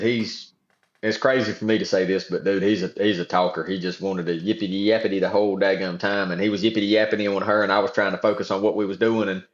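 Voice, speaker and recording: A man's voice: on the low side, reverberant, dull audio. A man in his forties with a South Georgia Southern accent, telling folksy stories as a podcast guest in casual chat. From South Georgia, USA. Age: 40s. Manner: folksy storytelling, drawling slang.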